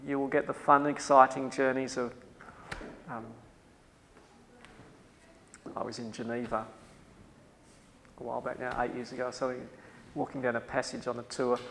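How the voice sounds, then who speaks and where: A man's voice: mid-range voice, gravelly, in a large hall, slight background noise, rough recording. A man with an Australian accent giving a workshop lecture to staff, emphatic and repeating his key advice.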